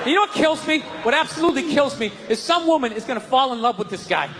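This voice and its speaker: A man doing a stand-up routine on a comedy stage, ranting and shouting with profanity. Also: very high voice, expressive, quick pace. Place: comedy stage before audience. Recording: live club mic with loud crowd noise.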